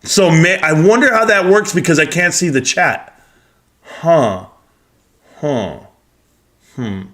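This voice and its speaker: A man's voice: on the high side, animated, slow, pushed and bright. A middle-aged man hosting a live stream, chatting casually with brash, joking, profane banter as he answers his chat. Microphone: streaming microphone.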